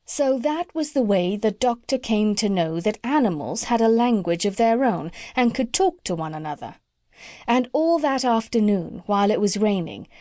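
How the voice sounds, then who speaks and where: Expressive woman reading a storybook. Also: medium pitch, dry recording, studio quality. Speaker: audiobook narrator. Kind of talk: storybook narration.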